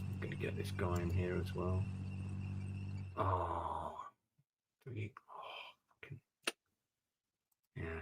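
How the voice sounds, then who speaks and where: A man's voice: low-pitched, noisy background. A man streaming a strategy game, giving gameplay commentary and thinking aloud with muttered asides.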